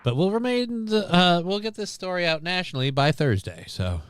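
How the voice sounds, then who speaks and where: A man's voice: high voice, animated, moderate pace, clear, resonant tone, no room sound. Dry, sarcastic stream host man. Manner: sarcastic, rambling asides. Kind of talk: casual news commentary.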